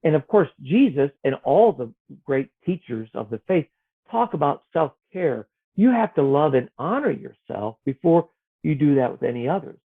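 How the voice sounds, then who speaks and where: A man speaks gently and earnestly about faith, his fairly high voice rising and falling in lively swings. He sometimes acts out the voices in his head. The sound is thin and tinny, like a phone line. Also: moderate pace, husky. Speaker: author guest. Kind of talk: reflective spiritual conversation.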